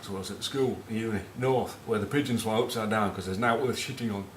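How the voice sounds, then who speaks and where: This is a lowish, fairly quick male voice, recorded with a roomy sound and a little hiss or hum. The speaker is a middle-aged northern Englishman with a Northern English accent, an ex-rugby captain. He chats casually about rugby, rambling through cheeky, sweary match talk and stories.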